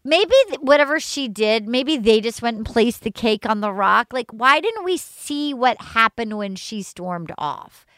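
Animated high-voiced woman podcast host. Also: a little slow, few pauses, dry recording. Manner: animated, laughing, mocking asides. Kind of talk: casual chat about a reality show.

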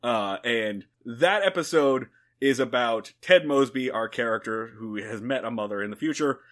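A man's voice: medium pitch, moderate pace, a bit bright. A man co-hosting a podcast in laid-back, profane casual chat, with plenty of fillers. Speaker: podcast co-host.

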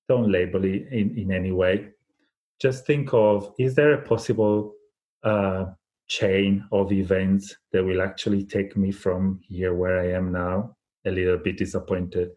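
Deep-voiced man telling a parable. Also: darkish tone. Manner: thoughtful, many restarts and fillers. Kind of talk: reflective conversational storytelling.

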